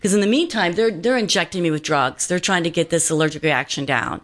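A woman's voice: fairly low pitch, a little fast. A woman guest telling a personal story in an earnest, meandering way, full of fillers and restarts.

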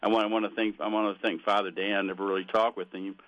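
An older man on a radio call-in, talking in a halting, earnest way and often repeating his words. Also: lowish voice, little pitch movement, a bit bright, poor audio. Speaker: radio guest. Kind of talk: casual chat.

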